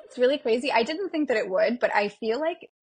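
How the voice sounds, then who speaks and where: A woman who fights and bodybuilds, a guest on a podcast, telling stories in a candid, self-mocking, animated way. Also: a little high, a little fast, husky. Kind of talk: casual interview chat.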